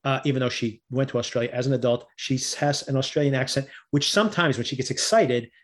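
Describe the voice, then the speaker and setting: A man's voice: medium pitch, fast talker. Rambling man recapping TV. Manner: rambling, laughs often, many restarts. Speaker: podcast co-host. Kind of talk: casual TV recap chat.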